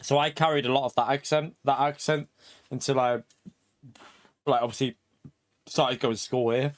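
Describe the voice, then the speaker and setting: A chatty middle-aged man from England talks casually on a home live stream, laughing often as he goes. His voice sits at an ordinary male pitch. The headset sound is dry and close, with no room around it. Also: steady tone, normal speed, no echo.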